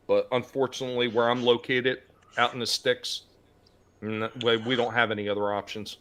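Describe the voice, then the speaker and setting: Man, easygoing stream host, blunt, jokey, mid-pitched voice. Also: level tone, moderate pace, fairly bright tone, clear, resonant tone. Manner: blunt, joking, grows emphatic when complaining. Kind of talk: casual chat.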